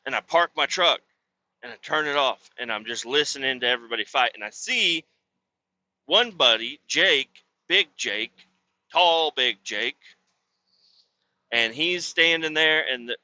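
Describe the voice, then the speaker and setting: A man's voice: medium pitch, lively intonation, measured pace, pushed and bright, no echo, poor audio. A man hosting a podcast, telling a rambling, crude story in casual chat with lots of swearing. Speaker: podcast host.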